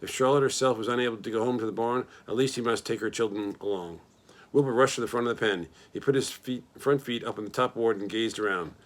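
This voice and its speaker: A man reading a children's novel aloud in a plain, steady storytelling manner. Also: mid-range voice, fast. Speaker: reader.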